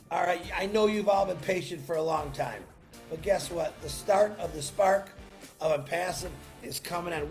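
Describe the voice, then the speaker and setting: A man hosting a solo livestream, giving an excited, salesy pep talk with shouted bursts and greeting viewers from the chat by name, speaking into a laptop mic. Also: high voice. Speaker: livestream host.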